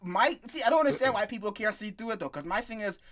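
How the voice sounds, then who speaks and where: A man's voice: high voice, lively intonation, fast talker, a bit bright. A young man co-hosting a podcast in casual chat, rambling, sarcastic and swearing freely. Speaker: podcast co-host.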